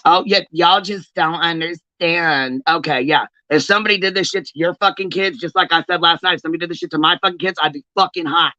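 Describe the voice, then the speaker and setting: A woman's voice: on the low side, rapid-fire, hardly any pauses, bright, forceful tone, no room sound. A woman hosting a livestream, calling someone out in a heated, profane, confrontational rant. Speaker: livestream host. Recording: dull, lo-fi stream audio.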